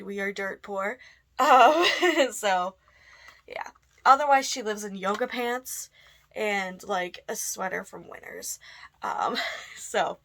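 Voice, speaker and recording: Woman vlogger, laid-back and chatty, a bit of fry in a medium-pitched voice. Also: fairly bright tone. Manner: chatty, lots of fillers and laughs. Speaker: goth vlogger. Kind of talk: casual answers to a tag video.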